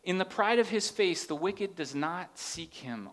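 Impassioned preacher man, higher voice. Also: expressive, a little slow, few pauses, fairly bright tone. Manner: earnest preaching, rising to impassioned questions. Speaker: pastor. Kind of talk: sermon.

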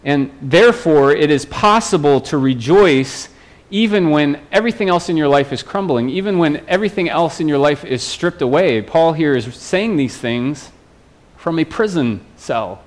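A man's voice: on the high side, lively intonation, normal speed. Earnest man preaching a sermon. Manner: earnest, repeats and restarts phrases. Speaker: pastor.

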